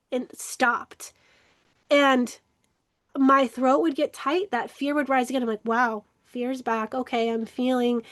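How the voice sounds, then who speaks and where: A woman hosting a spoken webinar, talking earnestly and emotively, often acting out inner voices, with restarts and soft laughs. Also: high-pitched, dry recording, clean studio sound. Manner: acts out inner dialogue in shifting voices. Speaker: webinar host, creativity coach. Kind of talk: casual spoken webinar talk.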